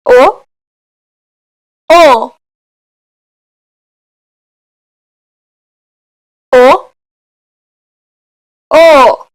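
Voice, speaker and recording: A woman modeling vowel sounds and words slowly, with careful, drawn-out enunciation. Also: high voice, no room sound. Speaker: native speaker modeling sounds. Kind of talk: slow pronunciation examples.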